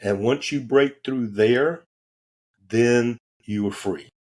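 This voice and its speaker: A man, a podcast guest, telling stories in a casual, animated way, acting out the voices he quotes and cursing offhandedly. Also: mid-range voice, takes it slowly. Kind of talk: casual storytelling.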